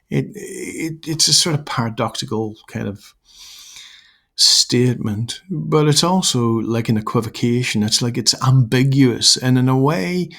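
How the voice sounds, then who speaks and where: A man teaching a literature lesson, explaining the text step by step with a croaky voice and frequent restarts. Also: mid-range voice, measured pace, a bit bright. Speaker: English teacher. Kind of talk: recorded lesson explaining a play.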